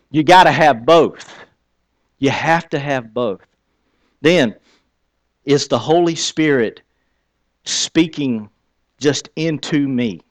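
Male pastor, mid-pitch, conversational sermon with hushed and animated turns, dry close mic. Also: no echo.

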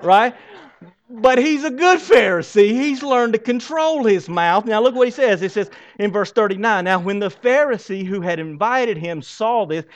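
A man preaching a sermon as pastor, swinging from loud exclamations to hushed, drawn-out lines. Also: high voice, lively intonation, muffled recording.

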